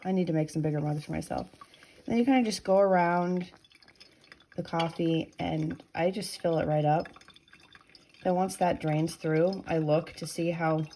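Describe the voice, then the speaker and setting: A woman vlogger walks through a homely routine step by step in an offhand, relaxed way. Her voice sits a little low, and a clear air-conditioner hum runs under her speech. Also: moderate pace, poor audio. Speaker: small business owner and potter. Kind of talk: casual how-to vlog chat.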